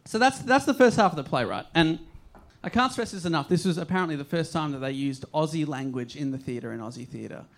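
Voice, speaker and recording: A man's voice: fairly high pitch, a little fast. A man hosting a comedy podcast, retelling a play with frequent laughs. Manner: laughing often, lively retelling. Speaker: podcast host. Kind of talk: comedic storytelling chat.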